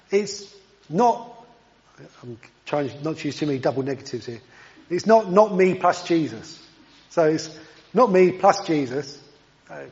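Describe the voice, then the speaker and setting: A man preaching a sermon in an earnest way, with self-deprecating asides. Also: sits high. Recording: dull sound with long hall reverb.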